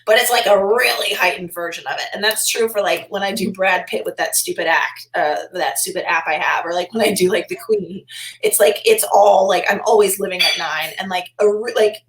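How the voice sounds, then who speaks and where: Woman podcast guest, rambling and animated, roomy recording. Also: medium pitch, a little fast. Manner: rambling, many "like" fillers, animated quoting. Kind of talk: casual interview chat. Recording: roomy echo.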